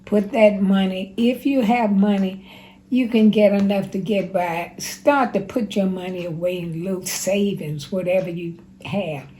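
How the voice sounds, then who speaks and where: Slow-talking woman in her nineties. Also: mid-range voice, mellow, a little hiss or hum, low-quality recording. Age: 90s. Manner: slow, plainspoken, unhurried storyteller. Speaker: interviewee sharing life advice. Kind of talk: casual spoken reminiscence.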